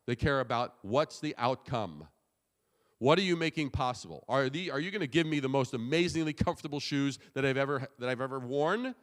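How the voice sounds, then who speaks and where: A man's voice: medium pitch, a bit bright. A man giving a conference keynote, punchy and emphatic, with casual swearing. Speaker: keynote speaker. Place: conference hall. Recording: long hall reverb.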